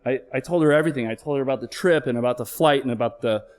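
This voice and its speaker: A man's voice: medium pitch, very fast, a little mellow, smooth. A middle-aged man, a flight paramedic, telling a candid personal story on stage with earnest emotional swells.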